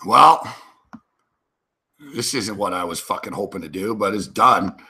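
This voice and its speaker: A man's voice: on the low side, unhurried, bright, forceful tone. A man hosting a sports betting show, talking to himself with profanity and rambling agitation as he places live bets. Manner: talks to himself while placing bets.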